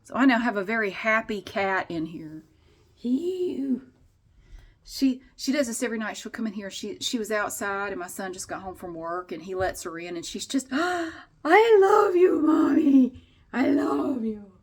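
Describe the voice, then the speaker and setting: A woman's voice: medium pitch, normal speed. A middle-aged woman vlogging at home, chatting casually to the camera in a rambling, candid way and swearing a little. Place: at home, indoors.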